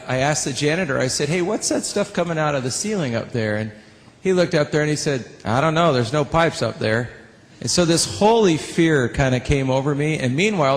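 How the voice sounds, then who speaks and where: A man, a music producer, telling an animated testimony story, laughing and acting out the voices of others. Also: on the high side, in a large hall.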